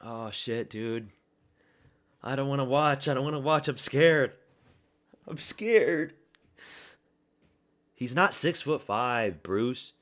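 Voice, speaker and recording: A man streaming a watch party, giving excitable, profane live reactions to a fight and often repeating himself. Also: mid-range voice, slow, pauses often.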